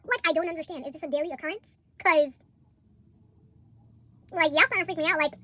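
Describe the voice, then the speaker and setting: High, fast, bright-voiced woman. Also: no echo. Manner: excitable, slangy, swears a lot, laughs at her own jokes. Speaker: anime reviewer, co-host. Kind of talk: casual chat.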